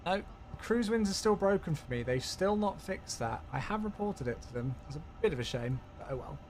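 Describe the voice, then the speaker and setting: A man streaming a flight sim live, chatty and thinking aloud as he thanks viewers warmly. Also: on the high side, expressive, fairly quick, slight background noise.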